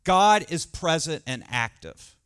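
A man's voice: on the high side, sing-song, slow, a bit bright, clean tone. A man preaching a sermon, telling a story with emphatic repetition.

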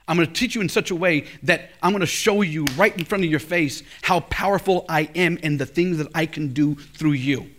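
A middle-aged male pastor preaching a sermon at a college chapel, telling stories with big swings from loud to hushed. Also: on the high side, a little fast, hardly any pauses.

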